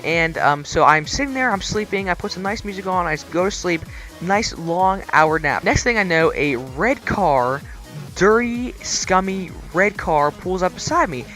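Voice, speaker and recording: A teenage boy with a bright, sharp voice recounts a story straight to camera. He gets more animated as he goes, his voice climbing and growing louder. Faint music sits low in the background. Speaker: vlogger.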